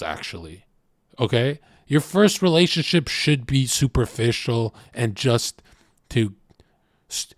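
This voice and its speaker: A man streaming, telling brash, profane stories in an animated rant. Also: mid-range voice, no room sound, clean studio sound. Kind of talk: livestream rant.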